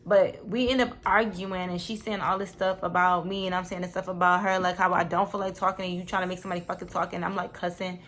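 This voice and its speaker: Fast-talking young woman vlogger. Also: fairly low pitch, slight background noise. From Detroit. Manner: animated, swears freely, acts out quotes. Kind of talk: casual storytime.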